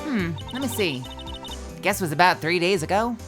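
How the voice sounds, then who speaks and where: A woman's voice: lowish voice, expressive, moderate pace, close to an everyday voice. A woman voicing a brash, folksy Southern woman photographer with a thick drawl, as music plays behind. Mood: boisterous. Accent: American Southern.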